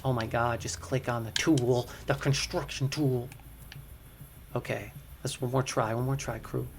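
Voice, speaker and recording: A young man chatting excitedly to his viewers while building in a game, slangy and easily distracted. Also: mid-range voice, measured pace, slight background noise. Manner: chatty, hyped, slangy, talks to chat as crew. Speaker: game streamer. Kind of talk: casual livestream commentary.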